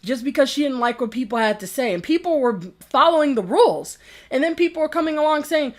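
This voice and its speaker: A woman with a fairly high voice delivers an angry vlog rant. She swears constantly and sounds exasperated, mocking the people she is criticising. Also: animated, a little fast. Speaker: game reviewer vlogger.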